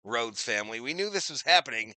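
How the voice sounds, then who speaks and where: A man's voice: medium pitch, lively intonation, brisk, sharp tone, no room sound. A middle-aged man hosting a live watch-party stream, chatting casually, reading viewer comments aloud and calling plays as they happen. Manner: chatty, reads viewer comments, repeats phrases, addresses chat as y'all.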